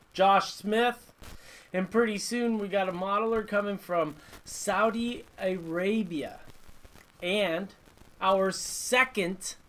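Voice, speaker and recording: A man's voice: sits high, fairly bright tone, low-quality recording. A man hosting a casual live stream from his hobby workshop, chatting in a rambling way and reading out viewer comments. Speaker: host of a live model-building stream.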